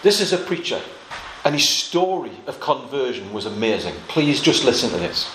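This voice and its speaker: A man's voice: medium pitch, very animated, fairly bright tone, slight background noise. Preacher man in an echoey hall. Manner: storytelling with asides and laughs, slowing for emphasis. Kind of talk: sermon.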